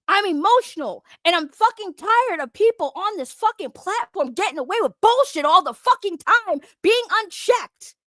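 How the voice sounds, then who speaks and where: A woman with a very high-pitched voice rants into a close, dry mic. She is profane and confrontational, hammering her points home by repeating them. The delivery is a heated vlog rant. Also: fairly bright tone, dry recording. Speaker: online commentator.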